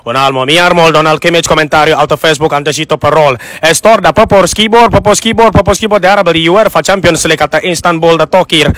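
A Nigerian man running excitable, sing-song mock football commentary. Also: fairly high pitch, quick pace, few pauses, no echo.

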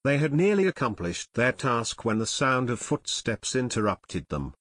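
A man narrating an adventure audiobook in a steady, measured way. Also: medium pitch, no room sound. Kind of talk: scripted narration.

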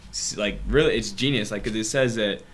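A man's voice: fairly low pitch, fairly quick, a bit bright. A young man in a casual Bible study who rambles through his thoughts, filling nearly every phrase with "like".

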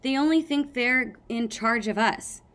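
A woman voicing a bold, defiant young female sea dragon who argues back quickly, in a storybook reading. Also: on the high side, animated, close to an everyday voice.

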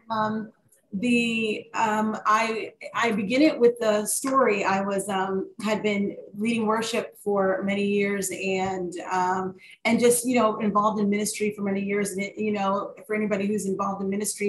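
A woman author and worship leader recounts her story in a relaxed interview. Her delivery is animated, circling back with fillers and restarts. The sound is roomy with a faint background hiss. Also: mid-range voice. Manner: animated, many fillers and restarts, warm testimony. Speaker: author guest. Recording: echoey room with faint noise.

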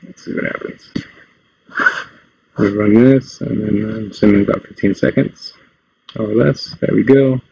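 A man's voice: fairly low pitch, fairly even intonation, unhurried, creaky, long pauses, warm tone, breathy edge, no echo. A man hosting a casual tech tutorial, explaining things in a loose, meandering way. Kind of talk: casual screen-recorded tutorial. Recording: dull lo-fi dry sound.

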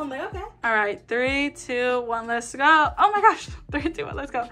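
A young woman chatting excitedly as she unboxes albums, counting down and squealing at each reveal. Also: high voice, moderate pace, faint music behind. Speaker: K-pop album unboxing vlogger. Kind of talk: excited casual unboxing chat.

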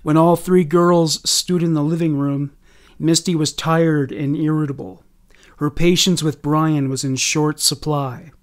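A man narrating a true story in a steady, measured way. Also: a little high. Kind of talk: scripted narration.

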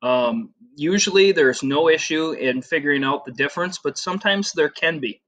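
A man's voice: fairly high pitch, lively intonation, normal speed, a bit bright. A man from the United States in his thirties, teaching a casual geography lesson with frequent fillers and personal stories. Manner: chatty, rambling, with filler words and personal anecdotes. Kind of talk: casual classroom video lesson.

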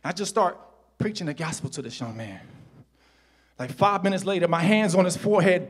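High-voiced pastor, hushed to shouting. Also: male voice, fairly quick, faint music behind. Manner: storytelling, swings from hushed to shouted preaching. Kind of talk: sermon. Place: church.

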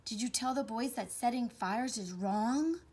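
A woman reading aloud, voicing a kind grown man who talks gently and tenderly to children in a storybook. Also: a little high, a little slow, a little hiss or hum, lightly acted. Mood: urgent.

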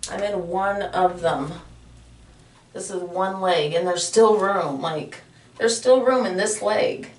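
A woman's voice: fairly low pitch, slow pace, recorded from a distance. A woman talking to her viewers in a casual vlog from her bathroom, emotional and heartfelt. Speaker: vlogger. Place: home bathroom. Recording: echoey room, voice a bit off-mic.

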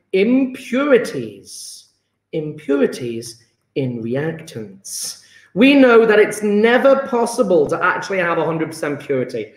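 A man's voice: high voice, a bit bright, echoey room. A male chemistry teacher, teaching an enthusiastic, emphatic online lesson and calling on his students by name.

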